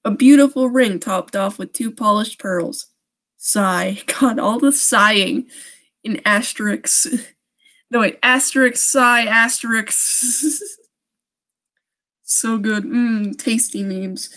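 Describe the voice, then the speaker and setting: A woman's voice: a little high, slow pace, a bit bright. A young woman reading a creepy story on a live stream, often breaking off to laugh and make sarcastic jokes about the writing.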